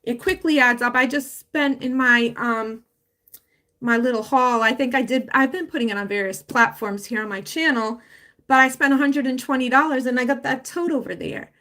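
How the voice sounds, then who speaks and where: A woman chats on a live stream through a close phone mic, her voice sitting a little higher than most. She rambles warmly through her story with lots of fillers and restarts. Her voice wavers with emotion as she talks. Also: normal speed. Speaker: livestreamer promoting a home business. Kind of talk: casual live-stream talk.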